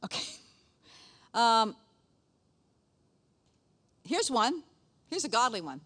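A woman's voice: on the high side, slow, long pauses. Chatty woman giving a sermon. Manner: chatty, animated, frequent "okay?" asides. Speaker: pastor's wife, speaker. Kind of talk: casual sermon talk.

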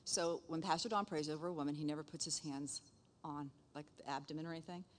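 Animated middle-aged woman telling a testimony. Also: deep voice, quick pace. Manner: animated, laughing, acts out dialogue. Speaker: nurse; speaker sharing testimony. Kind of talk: casual testimony storytelling.

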